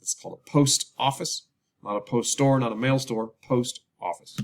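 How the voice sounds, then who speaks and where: A man teaching English vocabulary in a casual lesson, slowly repeating each word and explaining its spelling. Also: medium pitch. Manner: repeats words slowly, drawn-out pronunciation drills. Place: lives in Colombia.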